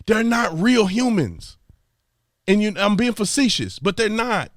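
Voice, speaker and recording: A man's voice: high-pitched, a little slow, no room sound, studio quality. A man from Texas, hosting an exasperated political commentary rant and repeating his points. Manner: animated, exasperated, repeats himself. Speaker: commentary host.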